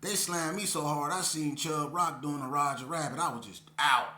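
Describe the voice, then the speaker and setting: A man's voice: on the high side, moderate pace, sharp tone. A middle-aged man telling a story from his past in a casual, emphatic, streetwise monologue that turns preachy. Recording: echoey room.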